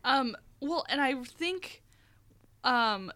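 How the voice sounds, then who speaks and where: Bright-voiced woman podcast co-host. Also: high voice, expressive. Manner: frank, profane, quick agreeing interjections. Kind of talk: casual podcast chat.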